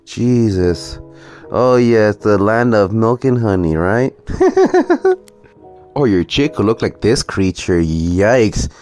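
A man's voice: fairly low pitch, wildly swooping pitch, slow pace, darkish tone, faint music behind. Cussing guy ranting on his vlog, sarcastic, voice all over the place. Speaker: commentary vlogger. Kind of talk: ranting reaction commentary.

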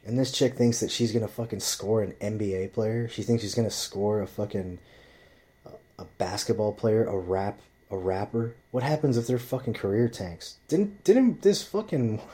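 A man's voice: fairly low pitch, fairly even intonation, moderate pace, warm tone. A man telling rambling stories in casual chat, swearing constantly as he talks. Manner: profane, rambling storyteller.

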